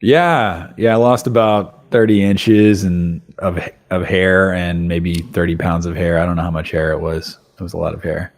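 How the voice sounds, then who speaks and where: A man, a musician, chatting as a podcast guest in a relaxed, laid-back way. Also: low-pitched, normal speed, hardly any pauses. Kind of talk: casual interview chat.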